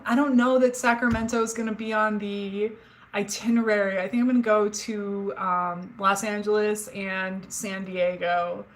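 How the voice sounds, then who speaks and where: Over poor audio, a woman in her forties with a mid-range voice hosts a livestream indoors at home. She chats casually and candidly with viewers and the live chat, rambling through stories peppered with fillers and the odd swear.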